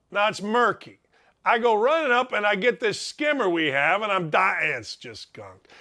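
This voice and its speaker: A middle-aged man hosting a sports show, telling stories in an animated, self-mocking way and repeating phrases for effect. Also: high-pitched. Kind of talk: animated casual monologue.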